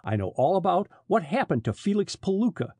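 A man's voice: high-pitched, sing-song, a little fast, a little mellow, no echo, voice pushed up, full character voice. A man doing a bitter captive detective.

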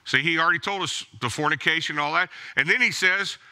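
A man's voice: on the high side, fast talker, pushed and bright. A male pastor preaching a sermon in an emphatic, exhorting way, driving points home with blunt repeated commands. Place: church.

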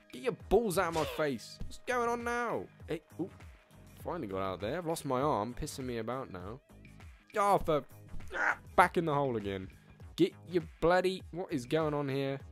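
A young man giving excitable, profane let's-play commentary and laughing often. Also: a little high. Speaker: gaming channel host.

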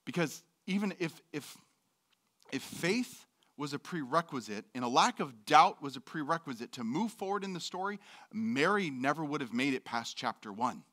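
Male pastor, middle-aged, bright and a touch high; candid, humorous sermon delivery. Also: expressive, normal speed. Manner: candid, joking, acts out voices in quotes. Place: church.

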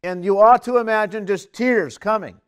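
Male preacher with a high voice, earnest and emphatic, mid-sermon. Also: normal speed, clean tone. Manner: earnest, emphatic, lively swings in pitch and loudness.

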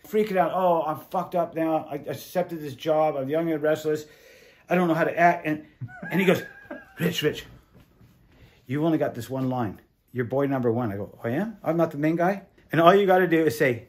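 Animated storytelling man, swearing freely. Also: on the high side, a little fast. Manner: animated, swearing, acts out quotes. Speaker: interviewee, former windsurfer. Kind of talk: casual storytelling interview.

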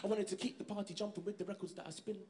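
High-voiced man performing poetry. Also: fairly even intonation, very fast, background noise. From East London. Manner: rhythmic, rising to shouted call-outs. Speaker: spoken word poet. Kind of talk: spoken word performance to an audience.

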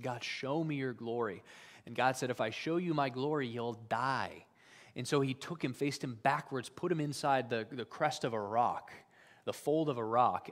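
A man preaching a sermon as pastor, swinging from hushed whispers to loud emphatic peaks and often checking in with "right?". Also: medium pitch, long reverb tail. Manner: conversational, uses "right?" often.

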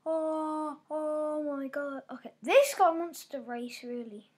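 Woman gamer, high voice, unhurried delivery, excitable play-by-play with loud outbursts and quiet mutters. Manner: excitable, reacting aloud with frequent exclamations. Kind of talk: live gameplay commentary.

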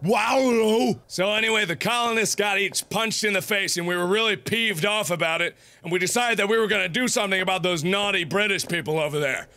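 A man in his twenties hosting a gaming video, loud and goofy, ranting and rambling between frustrated outbursts. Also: high-pitched, brisk, hardly any pauses. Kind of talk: let's play commentary.

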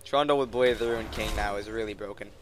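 A man's voice: lowish voice, quick pace, background noise. A young man giving casual, joking commentary over a video game, swearing offhand as he plays. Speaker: gameplay commentator.

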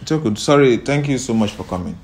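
A man's voice: mid-range voice, expressive, fast talker, darkish tone, a little hiss or hum. Scolding man host. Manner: scolding, repeats himself. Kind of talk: confrontational talk show.

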